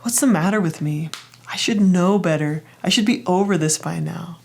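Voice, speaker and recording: A woman voicing her inner perfectionist part as a small, ashamed young girl, speaking softly and self-critically. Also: fairly low pitch, normal speed, gravelly, slightly rough. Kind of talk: guided therapy example.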